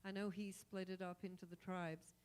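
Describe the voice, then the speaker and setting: A woman's voice: lowish voice, level tone, normal speed, a little mellow, clear, resonant tone. A woman giving casual, chatty remarks at a community gathering. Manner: chatty, laughs between thoughts. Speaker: event speaker.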